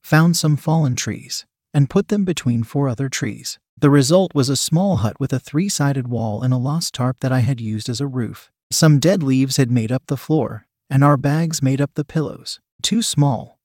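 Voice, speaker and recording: A man's voice: mid-range voice, normal speed, few pauses, darkish tone, dry recording, clean studio sound. Wry man narrating a story. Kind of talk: first-person story narration.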